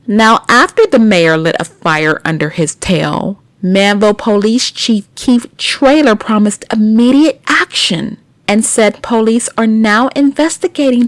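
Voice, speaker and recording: A woman's voice: medium pitch, dry recording. A woman runs her own news commentary podcast and reads out each story. She breaks in with blunt, indignant remarks aimed at her listeners. Her voice is in an ordinary middle register, recorded dry and close with no room sound. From United States. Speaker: podcast host.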